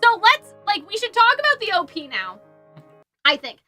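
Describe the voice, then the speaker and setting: Very high, bright-voiced woman host. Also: huge pitch swings, normal speed, soft background music. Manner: chatty, filler-heavy, thinks aloud. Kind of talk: casual livestream discussion.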